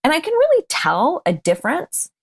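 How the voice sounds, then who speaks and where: A woman's voice: high voice, wildly swooping pitch, moderate pace. A woman speaking as a podcast guest in casual interview chat, candid and laughing often. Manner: candid, laughs often, restarts mid-sentence.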